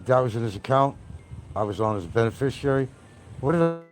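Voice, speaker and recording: A man's voice: medium pitch, lively intonation, fast talker. A brash man rants on his livestream, trash-talking and daring his rivals in a mid-range voice. Faint music plays behind him as he rambles on. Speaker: livestream host.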